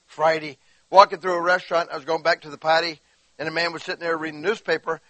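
A pastor delivers a chatty sermon, breaking into animated retellings of his conversations and asking the congregation questions. His voice sits high and rings bright and forceful. The sound is dry and close. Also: fast talker, no room sound, low-quality recording. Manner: animated storytelling, acts out quotes; conversational, addresses listeners directly.

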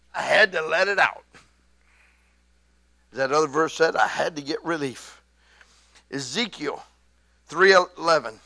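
A middle-aged man preaching a sermon, excitable, swinging from hushed asides to loud, drawn-out scripture readings. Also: a little high, creaky, dry recording.

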